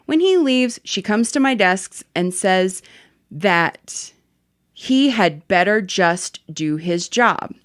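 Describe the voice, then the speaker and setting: A woman reading a story aloud in an animated, casual way. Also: medium pitch, slow pace, dry recording, clean studio sound. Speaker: story reader.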